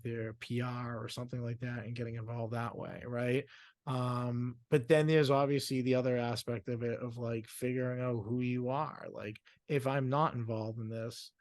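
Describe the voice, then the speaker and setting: A man's voice: medium pitch, a little mellow, no room sound. Rambling male podcast host, dry sound. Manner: rambling, filler-heavy questions. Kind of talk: casual interview chat.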